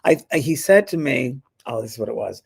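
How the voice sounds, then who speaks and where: A man with a gravelly, husky voice tells stories in a relaxed chat, slipping into the voices of the people he quotes. His pitch sits in a plain middle range, and he laughs easily as he talks. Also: a little fast. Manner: chatty storyteller, acts out quoted voices, laughs often. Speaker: spiritual medium and show host. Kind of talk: casual chat, anecdotal storytelling.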